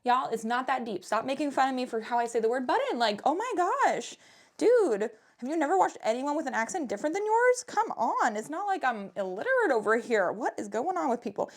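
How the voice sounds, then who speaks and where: A woman's voice: high-pitched, sing-song, a little fast. A young adult woman, chatting casually and upbeat as she shows off her thrift finds. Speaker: thrift reseller vlogger. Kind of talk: casual vlog chat.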